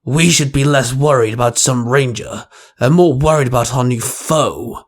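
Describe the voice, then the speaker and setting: A man voicing a blunt, gruff young male ranger in a fan fiction reading, with a growling delivery. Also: moderate pace, natural voice. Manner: growling, low. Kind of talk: fan fiction read aloud.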